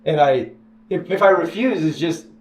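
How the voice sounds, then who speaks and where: A man telling his own story about working as an employee, rambling and self-deprecating, quoting other people in animated voices. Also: a little high, moderate pace, muffled recording. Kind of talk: personal storytelling in a video.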